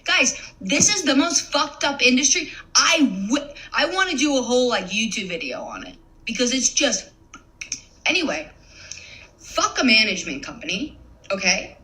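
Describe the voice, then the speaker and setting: Animated, bright-voiced young woman ranting. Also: a little high, moderate pace, low-quality recording. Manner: blunt, swears a lot, laughs mid-sentence. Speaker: content creator. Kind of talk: casual profane rant to camera.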